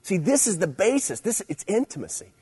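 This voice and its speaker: A middle-aged man preaching to teenagers, swinging between loud emphasis and quiet asides. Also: sits high, very animated, fairly quick, breathy edge. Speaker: youth speaker. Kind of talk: sermon.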